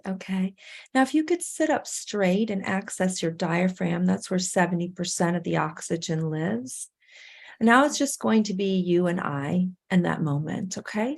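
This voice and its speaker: A woman's voice: lowish voice, creaky, a little mellow. A woman coach leading a participant through a guided breathing and grounding exercise on a video call, soothing and encouraging.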